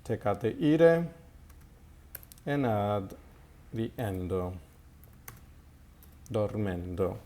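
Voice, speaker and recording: A man teaching an Italian grammar lesson in a slow, halting way, with many fillers and repeated words. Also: lowish voice, animated, warm tone, a little hiss or hum. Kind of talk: recorded language lesson.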